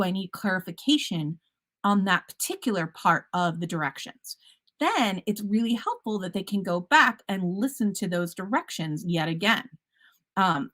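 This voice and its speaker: A woman teacher presenting at a conference in a mid-pitched voice. She sounds upbeat and chatty, with casual fillers and small self-corrections. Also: a bit bright. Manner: upbeat, enthusiastic, a bit punny.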